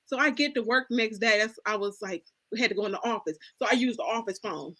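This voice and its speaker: High bright-voiced woman telling animated stories. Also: fairly quick. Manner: animated storyteller acting out dialogue, laughing often. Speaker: panel host. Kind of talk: casual storytelling chat.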